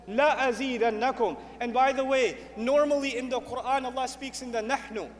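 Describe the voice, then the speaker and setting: Man, sermon, emphatic, repeats phrases, very high voice, long hall reverb. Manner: energetic, emphatic, repeats phrases, recites Arabic verses. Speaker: Islamic speaker. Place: lecture hall with an audience.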